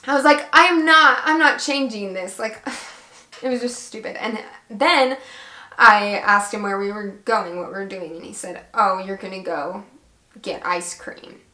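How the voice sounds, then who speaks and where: Young woman, bright voice, chatty storyteller who acts out the quotes herself, recorded in an echoey room. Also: mid-range voice, measured pace. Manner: chatty, animated retelling with quoted dialogue. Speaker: vlogger. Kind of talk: casual storytelling.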